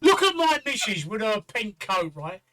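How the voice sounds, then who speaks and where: An older man chats on a casual livestream, telling blunt, sweary stories about his day. His voice is bright and forward, with a lively, up-and-down pitch. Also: normal speed. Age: 50s or 60s. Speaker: stream co-host.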